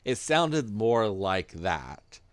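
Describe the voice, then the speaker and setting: A man with a very low voice hosts a casual podcast and moves through the news at an unhurried pace. He explains things haltingly and leans on plenty of fillers. His voice sounds dry and close to the mic. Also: sing-song, no echo. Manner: hesitant, filler-heavy explaining. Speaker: podcast host presenting news.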